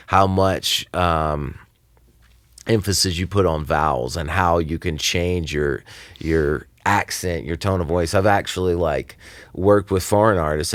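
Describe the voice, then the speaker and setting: A low-voiced man, a recording engineer and producer, talks loosely in a casual podcast interview, filling his speech with fillers and restarts. The audio is clean studio sound with no echo.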